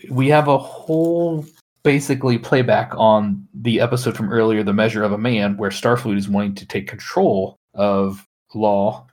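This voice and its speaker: A man hosting a casual podcast, summarizing an episode conversationally with fillers. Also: medium pitch. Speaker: podcast host.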